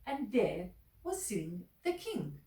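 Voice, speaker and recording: Storyteller: a woman reading to kids with a lively, sing-song delivery, echoey room, mic at a distance. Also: medium pitch, takes it slowly.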